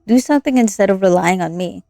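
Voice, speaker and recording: A woman's voice: medium pitch, quick pace, vocal fry, dark tone, no echo, natural voice. Woman reading as a contemptuous abusive boyfriend. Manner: harsh, contemptuous. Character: controlling, abusive young man boyfriend.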